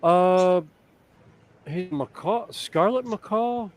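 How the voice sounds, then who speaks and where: A man's voice: high voice, takes it slowly, a crowd in the background. A man chatting casually as a live stream host, telling rambling stories full of fillers and restarts. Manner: rambling, filler-heavy storytelling. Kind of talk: casual chat.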